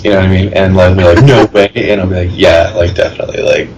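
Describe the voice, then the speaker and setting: A man's voice: low voice, flat delivery, racing, background noise. A young man co-hosting a casual podcast, rambling through anecdotes and filling them with "like". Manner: rambling storyteller, lots of "like". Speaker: podcast co-host. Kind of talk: casual chat.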